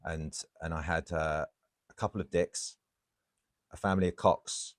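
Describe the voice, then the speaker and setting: A man with a very deep, low voice tells funny stories in a casual chat, laughing along as he goes. He talks like a former holiday rep looking back on his work. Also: steady tone, unhurried. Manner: laughing anecdotal storyteller.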